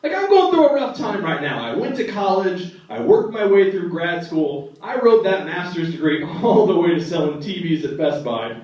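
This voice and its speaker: A young man performing a stand-up comedy set in a club, telling stories and acting out family members in quick voices. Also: high-pitched, very animated, darkish tone, far from the mic. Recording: echoey, dull club recording from the back.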